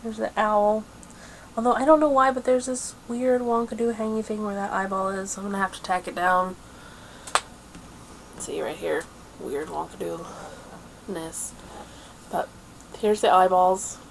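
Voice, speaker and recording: A woman's voice: medium pitch, steady tone, gravelly. Woman, podcast host, casual chat, chatty, frequent laughter, faint background hiss. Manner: chatty, laughs often, quick asides.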